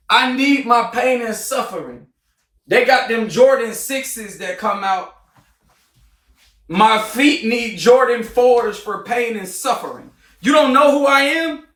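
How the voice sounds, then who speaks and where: A man in a heated, confrontational livestream rant, often shouting. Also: very high voice, far from the mic. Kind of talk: ranting livestream monologue. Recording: roomy, off-mic sound.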